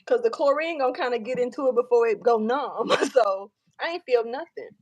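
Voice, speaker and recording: High-voiced woman telling a story. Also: fairly quick, no room sound, muffled recording. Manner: animated, profane, acts out quoted voices. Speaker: host. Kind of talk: casual storytelling chat.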